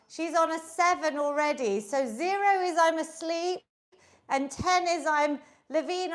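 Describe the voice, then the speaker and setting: A woman's voice: sits high, a bit bright. A woman leading an online exercise class, upbeat and encouraging, counting down reps and a little out of breath from moving along. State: slightly out of breath while exercising. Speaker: fitness instructor. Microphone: video call setup.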